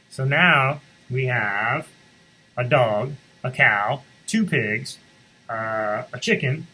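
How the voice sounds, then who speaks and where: Guy reading a kids book out loud for school announcements, voice bouncing all over, keeps stopping to explain stuff. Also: medium pitch, breathy edge, poor audio. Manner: expressive storybook reading, pauses to explain to students. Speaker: school reader on morning announcements. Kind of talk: reading a picture book aloud to children with teaching asides.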